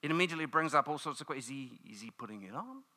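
A British man preaching a sermon, telling stories with lively asides and playful mimicry. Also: mid-range voice, rapid-fire, in a large hall. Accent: British English. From United Kingdom. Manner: animated storytelling, mimics cheering crowds.

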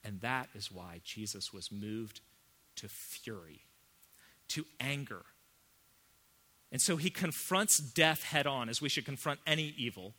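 A man preaching a sermon as pastor, emphatic, swinging between hushed and loud. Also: mid-range voice, animated, a little slow, long pauses.

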